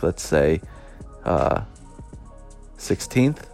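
A man's voice: deep voice, big pitch swings, slow pace, gravelly, a little mellow, soft background music. A man, hosting a solo podcast in a rambling, chatty way and laughing often. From United States. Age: 20s. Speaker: podcast host. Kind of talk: casual solo podcast monologue.

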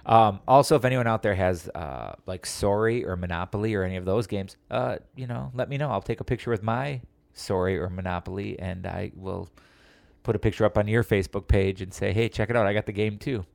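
A man co-hosting a casual podcast, telling an animated story with acted-out quotes, swearing and laughing often. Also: fairly low pitch, brisk, gravelly, no room sound. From Wisconsin, USA. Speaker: podcast co-host.

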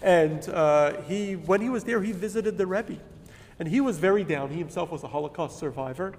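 A man's voice: sits high, moderate pace, darkish tone, long reverb tail. A middle-aged man giving an earnest sermon-style talk, building to emphatic peaks, with fillers and restarts.

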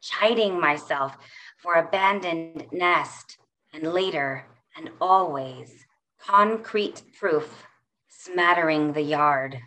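Slow, low-voiced woman reading poetry. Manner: slow, measured reading with soft pauses. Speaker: poet.

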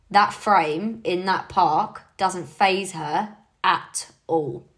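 A young woman leading her team in a casual motivational talk, chatty and encouraging, with frequent fillers. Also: fairly low pitch. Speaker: team leader.

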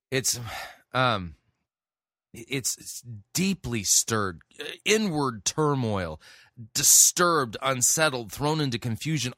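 A man's voice: mid-range voice, sharp tone, dry recording. Earnest preacher man, dry close sound. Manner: earnest, halting with many restarts and fillers when explaining. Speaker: pastor. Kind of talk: sermon, reading scripture and explaining it. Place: church.

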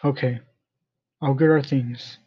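Soft-spoken caring husband read by a man, calm, comforting, muffled lo-fi sound. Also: mid-range voice, slow, slightly rough. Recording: dull lo-fi recording.

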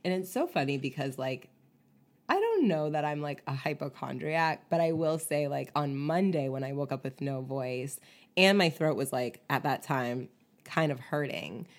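A woman with a low voice co-hosts a podcast and chats casually. She tells stories in an animated way, full of fillers. Her voice has only just come back after she lost it. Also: moderate pace. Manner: chatty, animated storytelling with many fillers. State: voice just recovered from laryngitis. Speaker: podcast co-host. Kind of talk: casual chat.

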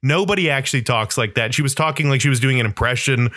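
A man co-hosting a podcast in casual chat, rambling and animated, full of restarts and "like". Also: medium pitch, quick pace, no echo, clean studio sound. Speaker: podcast co-host.

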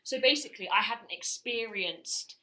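A woman's voice: fairly high pitch, normal speed, sharp tone, echoey room, rough recording. A young woman co-hosting a podcast, talking candidly and expressively and mocking herself. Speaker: podcast co-host. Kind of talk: casual chat.

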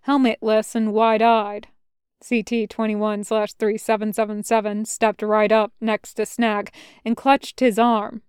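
A woman narrates a fan fiction story in a slow, measured way. Her voice is very clear and a little high, recorded close and dry with no room sound. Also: a little mellow, dry recording. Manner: measured, unhurried reading. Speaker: podfic reader.

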